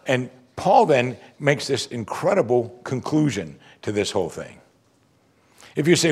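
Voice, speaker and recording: A middle-aged male pastor preaching an animated sermon, acting out what people say to him. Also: medium pitch, unhurried, breathy edge. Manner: animated preaching, quoting congregants in mock voices.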